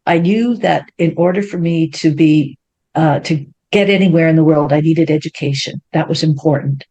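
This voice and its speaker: A woman, an interview guest telling her life story in a lively way and acting out what people said. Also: deep voice, moderate pace. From Ontario, Canada. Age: 70s. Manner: animated, acts out quoted speech in a raised voice.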